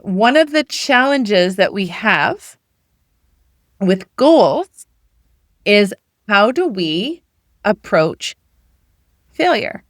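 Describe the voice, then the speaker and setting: A middle-aged woman gives a motivational coaching talk, chatting along and asking the listener one question after another. Her voice sits at an ordinary middle pitch. The recording is dry, with no room around it. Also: very animated, extremely slow, long pauses, a bit bright, no echo. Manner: conversational, full of rhetorical questions. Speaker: weight loss coach.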